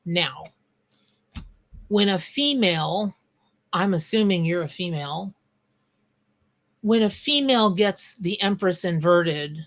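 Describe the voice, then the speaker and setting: A woman's voice: lowish voice, slow pace, pauses often. A woman hosting a live tarot reading, talking bluntly and casually while greeting viewers by name. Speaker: tarot reader and psychic.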